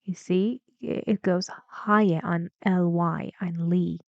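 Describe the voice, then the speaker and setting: A woman teaching English pronunciation, speaking slowly and deliberately and acting out sample sentences with exaggerated rising and falling pitch. Her first language is Persian. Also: fairly even intonation, vocal fry, dry recording, highs cut off. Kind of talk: slow, deliberate English lesson.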